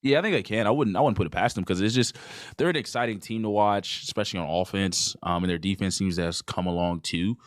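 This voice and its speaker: A man's voice: lowish voice, fast talker, hardly any pauses. A man co-hosting a sports talk show, ranting and mock-quoting others in casual slang. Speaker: podcast co-host.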